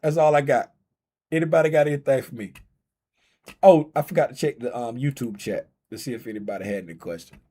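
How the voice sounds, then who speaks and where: A man's voice: medium pitch, fairly quick, warm tone, slightly rough. A man hosting a casual trading livestream, bantering and teasing his viewers in a loose, playful way.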